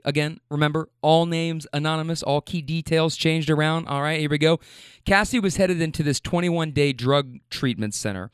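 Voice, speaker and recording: A podcast host who also drives rideshare tells a casual story in a high, clear, resonant voice, swearing and repeating himself for emphasis. He grows emotional and gets choked up at times. The recording is dry, with clean studio sound.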